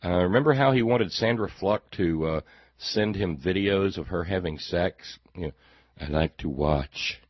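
A man's voice: low-pitched, measured pace, husky, no room sound, dull audio. A man hosting a talk show, giving a sarcastic, rambling political monologue and repeating words as he goes.

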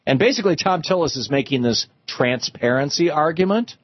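A husky-voiced male radio host holds forth on politics, mocking his opponents with rising disbelief. His voice sits in a middle pitch, and the sound is dry and a little dull. Faint music plays behind him. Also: a little fast, no echo. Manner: animated, sarcastic, rising to outrage. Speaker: radio talk show host. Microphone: studio microphone.

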